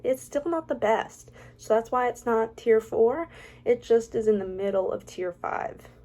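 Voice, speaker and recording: A woman's voice: on the high side, animated, unhurried, warm tone. Chatty young woman vlogger. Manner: chatty and opinionated, with self-mocking asides. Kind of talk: casual ranking vlog, reading facts aloud.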